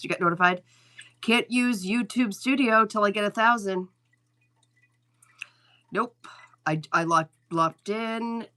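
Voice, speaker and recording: A woman's voice: mid-range voice, fairly bright tone. A woman hosting a live stream as a psychic medium, chatting casually and telling stories, often repeating her lines and swearing freely. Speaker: psychic medium livestream host. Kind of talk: casual livestream chat and storytelling.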